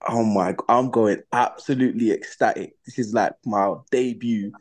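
A man's voice: fairly low pitch, steady tone, moderate pace. A young man, a footballer guest on a podcast, telling his career stories casually, with slang, and acting out his own past reactions. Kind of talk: casual storytelling in a podcast interview.

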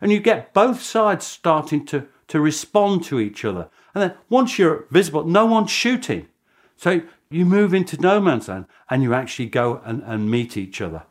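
A male historian recounting events in an interview, his voice riding high and swinging up and down with lively energy. He chuckles often and restarts his sentences as he goes, in an animated storytelling manner. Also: normal speed. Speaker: historian guest.

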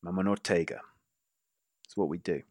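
A man voicing a drunk middle-aged Hispanic gunslinger who talks in slow, halting bits. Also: sits low, darkish tone, dry recording, clean studio sound, voice pushed down. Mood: drunk, weary. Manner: slow, halting, hiccuping speech.

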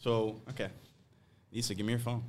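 A man's voice: mid-range voice, flat delivery, brisk, darkish tone, slight background noise. A man co-hosting a podcast, talking in a playful, wry way. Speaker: podcast co-host. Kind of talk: casual chat.

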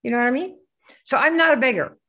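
Speaking quickly in a high, sharp voice, a woman delivers a live business training session. She constantly throws rhetorical questions at the audience and presses them for answers.

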